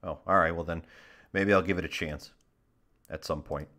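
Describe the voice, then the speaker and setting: A man's voice: low voice, steady tone, moderate pace, pushed and bright. A man from Michigan co-hosting a live stream, chatting casually, swearing and laughing often. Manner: laughs a lot, swears, joking. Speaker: stream co-host.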